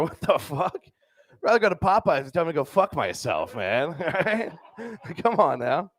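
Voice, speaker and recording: A man's voice: high voice, big pitch swings, measured pace, pauses often. A young man doing a stand-up comedy set on a club stage into a handheld mic, loose and crude, packing his lines with "dude" and "right?".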